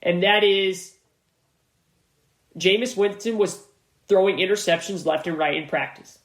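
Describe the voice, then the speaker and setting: A man's voice: sits high, measured pace. A man hosts a sports podcast on his own, and his voice carries a noticeable room echo. He talks in a loose, slangy way and drives home his points by repeating them for emphasis. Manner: casual and conversational, with slang. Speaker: podcast host. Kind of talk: solo sports analysis podcast.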